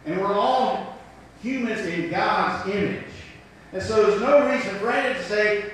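A man's voice: high voice, normal speed, a bit bright, very echoey, far from the mic, slight background noise, rough recording. A man with a Southern US accent preaching a sermon as pastor, folksy, asking rhetorical questions.

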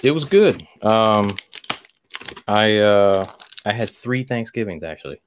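Easygoing, low-voiced podcast co-host. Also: male voice, lively intonation, slow pace, slight background noise. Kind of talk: casual chat.

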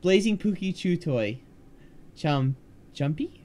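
A man's voice: a little high, expressive, slow, a little mellow. Guy streaming a game, chatty and self-deprecating, some noise behind. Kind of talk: casual gameplay commentary.

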